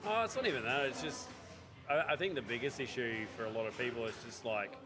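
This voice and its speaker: A man's voice: medium pitch, fast talker, noisy background. A man commentating a pinball competition in a casual, hesitant way with many ums. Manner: chatty, hesitant with frequent ums. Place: pinball club. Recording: music playing loudly behind.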